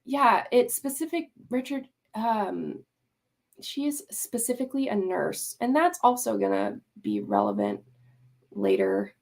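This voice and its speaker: A woman's voice: a little high, big pitch swings, measured pace, vocal fry. A woman hosting a livestream, ranting in exasperated, emphatic commentary, swearing freely and breaking off to talk to her chat. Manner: talks to chat and mods mid-rant. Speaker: livestream host.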